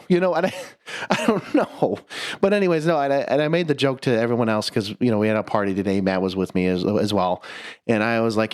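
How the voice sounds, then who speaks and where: Young man, podcast co-host, casual storytelling, animated, swears a lot, laughs while talking. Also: lowish voice, a little fast. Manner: animated, profane, laughs mid-sentence, stumbling restarts.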